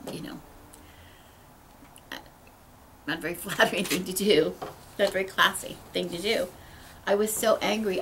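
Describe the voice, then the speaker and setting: A woman's voice: mid-range voice, vocal fry, fairly bright tone, a little hiss or hum, poor audio. A middle-aged woman giving a casual, earnest spiritual talk, rambling with many restarts. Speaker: host.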